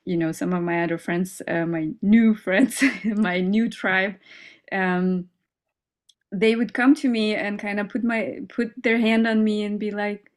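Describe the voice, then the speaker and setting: A woman's voice: medium pitch, fairly even intonation, unhurried. A woman speaking as an interview guest in a casual, heartfelt conversation, earnest and upbeat, with many fillers and small laughs. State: mother.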